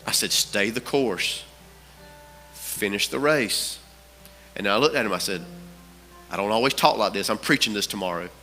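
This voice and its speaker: Man, pastor, sermon, bright forceful voice, repeats phrases, long church reverb. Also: on the low side, normal speed, pauses often, faint music behind. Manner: storytelling, repeats phrases for emphasis. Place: church sanctuary.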